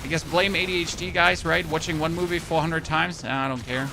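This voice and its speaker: A man with a German accent rambles through casual stream chatter, swearing now and then and laughing at his own jokes. His voice sits a little on the high side. A steady layer of background noise runs under him. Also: brisk, gravelly. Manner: rambling, talks to chat, swears, laughs at himself. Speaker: game streamer. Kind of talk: casual live-stream chat.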